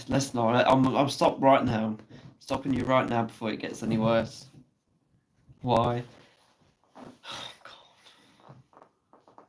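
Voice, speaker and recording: A man's voice: mid-range voice, little pitch movement, slow pace, pauses often, low-quality recording. A man hosting a casual live stream, chatting and teasing viewers and swearing freely. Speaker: livestream host. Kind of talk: casual live chat reading comments.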